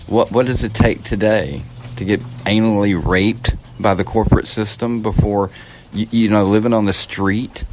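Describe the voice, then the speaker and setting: A man hosting a podcast, talking through a casual political monologue in a blunt, profane way that rambles and restarts. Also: low-pitched. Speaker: podcast host.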